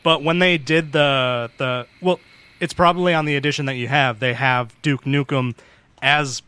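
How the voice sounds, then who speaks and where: A man's voice: mid-range voice, steady tone, normal speed, pushed and bright, smooth. A young man co-hosting a podcast, chatting eagerly about video games with lots of swearing. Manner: enthusiastic gamer talk, heavy swearing. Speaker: podcast co-host. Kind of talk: casual chat.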